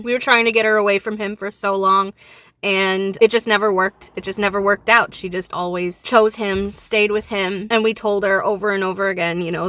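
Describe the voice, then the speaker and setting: Young woman vlogger, bright tense voice, dry close sound, grieving and furious, near tears. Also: medium pitch, fairly even intonation, normal speed, dry recording. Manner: grieving and enraged, voice rising and falling. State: on the verge of tears. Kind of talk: emotional direct-to-camera talk.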